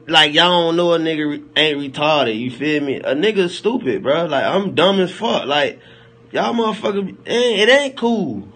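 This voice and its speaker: A man's voice: on the high side, animated, moderate pace, fairly bright tone. A young man chatting loosely on a phone livestream, rambling, laughing and teasing his viewers in heavy slang. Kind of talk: loose joking livestream chat.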